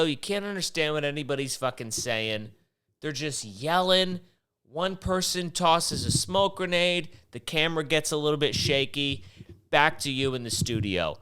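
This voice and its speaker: A man's voice: on the high side, expressive, moderate pace, sharp tone, clean tone. A man hosting a podcast, rambling in a casual, profane and exasperated rant. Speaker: podcast host.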